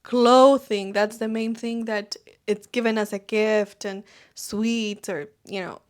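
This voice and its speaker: A woman's voice: medium pitch, fairly even intonation, slow pace, clear, resonant tone. A woman co-hosting a podcast, chatting expressively about a trip and imitating the sounds she heard. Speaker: podcast co-host. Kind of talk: casual chat.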